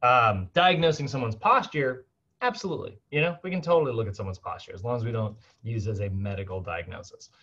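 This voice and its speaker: A man gives a relaxed fitness lecture in a mid-range voice, talking in a loose, chatty way and slipping into quick acted-out quotes. The recording sounds a little dull and lo-fi. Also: medium pitch, breathy edge. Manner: chatty, animated, laughs often, acts out quoted voices. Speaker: fitness instructor.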